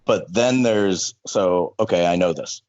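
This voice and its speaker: A man's voice: sits low, measured pace, darkish tone, no echo, muffled recording. A man speaking as a life coach in casual conversation, earnest and repeating words as he builds a point.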